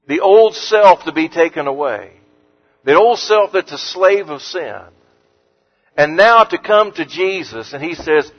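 A man preaching an earnest sermon as pastor, lifting his voice on scripture quotes and dropping low and soft on words of comfort. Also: lively intonation, a little slow. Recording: muffled sound with long hall reverb.

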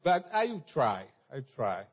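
Slow Brazilian man, halting English. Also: mid-range voice, sing-song, husky. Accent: Brazilian Portuguese. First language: Portuguese. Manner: halting, simple non-native English. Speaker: preaching school president, guest speaker. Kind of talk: church talk. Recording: echoey church hall, dull lo-fi sound.

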